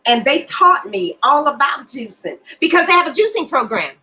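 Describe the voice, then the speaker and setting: A bright, high-voiced woman in her seventies hosting a friendly talk show. She talks in a bubbly, affectionate way, her pitch swinging up and down all through. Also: sing-song, normal speed, a little hiss or hum, poor audio. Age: 70s. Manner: bubbly and affectionate, calls people baby. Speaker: co-host. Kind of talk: casual chat.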